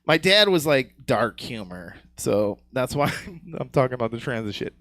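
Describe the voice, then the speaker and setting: A man's voice: medium pitch, sing-song, moderate pace, fairly bright tone, dry recording. Crude, giggling male stand-up comic. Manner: crude, rambling, laughs at his own jokes; keeps asking "you know what I'm saying". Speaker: stand-up comedian. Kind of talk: live stand-up set. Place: comedy theater stage.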